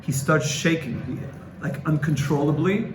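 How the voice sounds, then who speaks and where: A man's voice: on the high side, normal speed. A man telling a dramatic religious story with emotional, stammering restarts. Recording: echoey room with faint noise.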